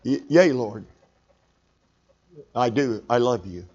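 A preacher doing a stammering, pleading Peter. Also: male voice, mid-range voice, lively intonation, slow pace, darkish tone, husky, lo-fi sound, voice pushed down. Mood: hushed, ashamed. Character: Peter, earnest, shaken fisherman disciple.

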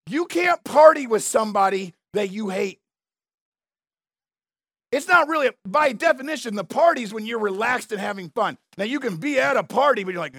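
A man's voice: very high voice, lively intonation, moderate pace, a bit bright, breathy edge, no echo, clean studio sound. A man preaching a sermon as a pastor, emphatic and conversational, repeating his key phrases. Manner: emphatic, repetitive, conversational preaching with asides to the crowd.

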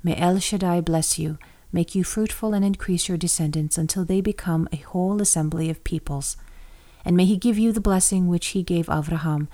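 A solemn old blind patriarch speaks in measured phrases, voiced by a woman reading aloud. The voice sits low and mellow. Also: lightly acted.

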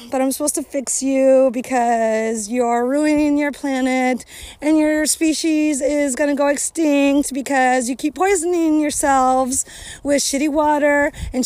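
A woman's voice: high voice, darkish tone, no echo. A woman hosting a casual podcast outdoors, venting bitterly with constant profanity and breaking off to scold her dog. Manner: profane, bitter venting, talks to herself and the listeners. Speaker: podcast host. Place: outdoors near a cow pasture, walking a dog.

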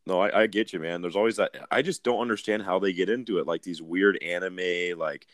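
Deep, lively male podcast co-host, crude and quick to laugh, dry close sound. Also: no echo. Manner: crude, laughs often, animated storyteller. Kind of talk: casual podcast chat.

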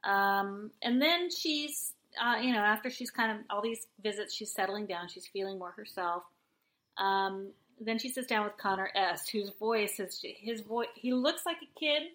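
A woman co-hosting a casual recap chat, opinionated and quick to tease. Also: mid-range voice, fairly bright tone. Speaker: podcast co-host.

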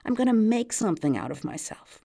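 A woman voicing a nervous, eager male New York barman, earnest, excitable and streetwise. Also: high voice, fairly quick, vocal fry, voice pushed up, heavily acted.

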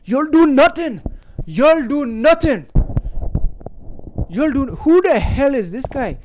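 A man putting on a poor Irish accent to impersonate a brash, swearing male fighter, loud and drawn out. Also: extremely high pitch, expressive, slow pace, slight background noise, voice pushed up, exaggerated voice. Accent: mock Irish.

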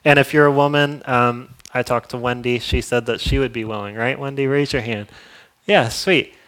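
A young man preaching a casual, conversational sermon, upbeat and then dropping to a soft prayerful tone. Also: medium pitch, fairly even intonation, moderate pace, clean tone. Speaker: pastor.

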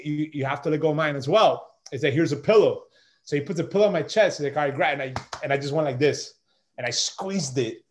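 Animated man telling stories, slangy. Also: a little high. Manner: animated, loose, lots of "bro" and "man". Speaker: podcast guest, chef and author. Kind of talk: casual storytelling chat.

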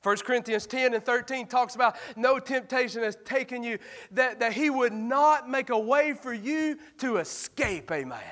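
A man preaching a revival sermon, telling folksy stories that swing from low murmurs to shouted exhortation. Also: moderate pace.

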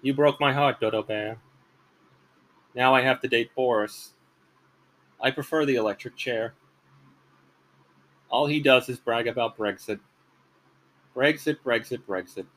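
A man's voice: medium pitch, measured pace, pauses often, fairly bright tone, pitched above the performer's own voice, close to an everyday voice, poor audio. A man voicing a whiny, heartbroken male dictator pleading for a lover's return.

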